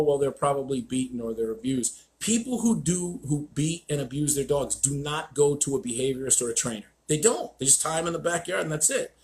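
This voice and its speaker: A man hosting a live stream as a dog trainer, telling stories bluntly with swearing and acted-out quotes. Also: on the high side. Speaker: dog trainer, show host. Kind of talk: casual live-stream chat.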